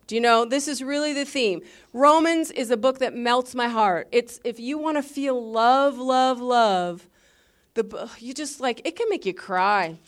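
Woman preaching, high voice, fired up and emphatic, asks the crowd lots of questions. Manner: passionate, emphatic, rhetorical questions. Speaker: Bible teacher. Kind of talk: sermon.

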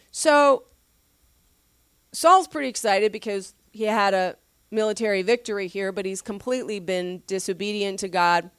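A woman pastor teaching from the Bible in a casual, conversational way, with animated slangy asides and frequent laughs. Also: medium pitch, moderate pace, smooth, no room sound, studio quality.

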